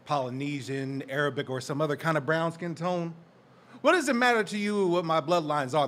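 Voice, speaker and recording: A man delivering spoken word at an indoor open mic, his voice sitting a bit high. He is confrontational and profane, murmuring low asides and then shouting his hardest lines.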